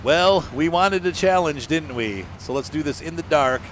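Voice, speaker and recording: A man chatting through a co-op truck game, his voice swinging widely as he jokes and plans his route aloud. Loud engine and outdoor game sounds fill the background of this noisy stream recording. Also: on the high side, moderate pace. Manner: animated and joking, thinking aloud while driving. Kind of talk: casual gameplay chat.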